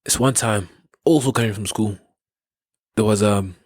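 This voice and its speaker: Speaking at a normal speed in a lowish voice, a young South African podcast host tells a loose, rambling story full of restarts and frequent laughs. The studio sound is clean, with no room sound.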